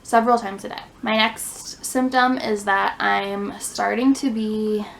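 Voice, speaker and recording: A woman's voice: mid-range voice, fairly even intonation, unhurried, creaky, a bit bright, slight background noise, rough recording. A young woman, a stay-at-home mom, chatting casually in a vlog, a little out of breath and full of "like" fillers. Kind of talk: casual pregnancy update vlog. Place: home near a fire station.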